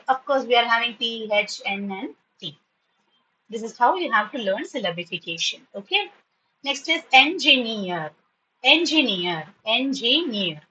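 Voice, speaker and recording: A woman teaching spoken to school students in an online class, patiently repeating words slowly to model their pronunciation. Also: on the high side, bright, forceful tone, dull audio.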